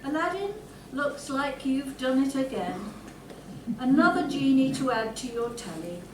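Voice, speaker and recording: Woman, high voice, earnest probing host, amateur panto, far mic, echoey. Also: very animated, a little slow, darkish tone, a little hiss or hum. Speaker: mock talk-show host.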